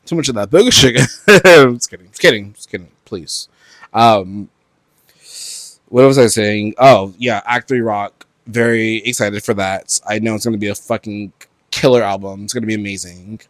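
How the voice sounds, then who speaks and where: A man from Brooklyn hosting a solo podcast, talking in a profane, animated way with loud outbursts and laughter. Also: lowish voice, moderate pace, dry recording. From Brooklyn, New York. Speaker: podcast host. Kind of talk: solo casual podcast chat.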